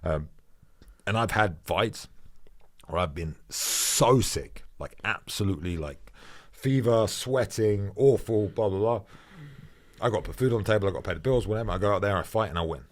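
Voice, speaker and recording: A man's voice: fairly low pitch, normal speed. A man, a professional fighter, talking bluntly and emphatically as a guest in a casual podcast conversation and swearing freely.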